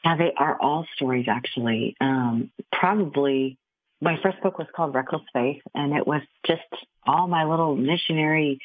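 A woman author, a guest on a talk show, telling stories in a lively way, often laughing. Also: sits low, moderate pace, dry recording, narrow, tinny audio. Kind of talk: casual interview chat.

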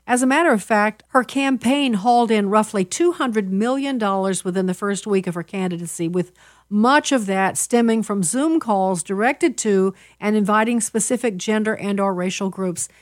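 A woman's voice: medium pitch, normal speed, dry recording, clean studio sound. A middle-aged woman hosting a political talk radio show, talking in an emphatic, opinionated way with fillers and restarts.

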